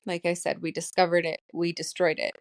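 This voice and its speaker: A woman's voice: on the low side, little pitch movement, brisk, no room sound. A woman in her late thirties hosting a solo spiritual podcast, emotional and laughing often, her voice shaking as she holds back tears. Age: late 30s. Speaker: podcast host.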